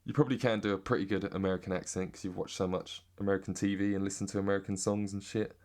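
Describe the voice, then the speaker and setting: English guy rambling and swearing, kinda low voice, deadpan comic riff. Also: very fast. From Britain. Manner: rambling and sweary, drifting into mock accents. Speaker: comedic monologue host.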